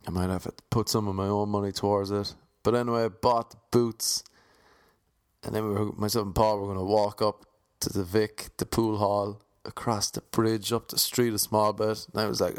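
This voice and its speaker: A man's voice: fairly low pitch, fairly even intonation, moderate pace, clean tone. A man from Cork with an Irish accent telling a comic story, rambling and correcting himself with wry asides. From Ireland, Cork. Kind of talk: comic anecdote monologue.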